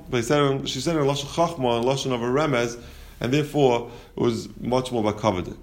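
A man gives a relaxed Talmud lesson. His pitch sits in a plain middle range. He tells each story with animation and often halts to restart a phrase. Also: quick pace. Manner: animated storytelling, acting out quotes, chuckling. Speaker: Talmud teacher. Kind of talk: casual Gemara lesson, translating as he goes.

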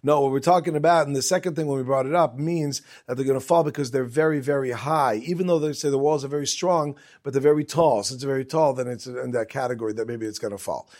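A man's voice: mid-range voice, fairly even intonation, fast talker, few pauses, darkish tone. A man teaching a Talmud class, reading each passage aloud and then explaining it in casual English, with asides and restarts.

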